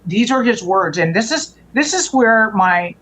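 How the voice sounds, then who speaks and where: A woman's voice: mid-range voice, animated, measured pace, fairly bright tone, low-quality recording. A woman, a guest on the show, telling a long personal story in earnest conversational style, restarting and correcting herself often. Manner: rambling, frequent restarts and self-corrections.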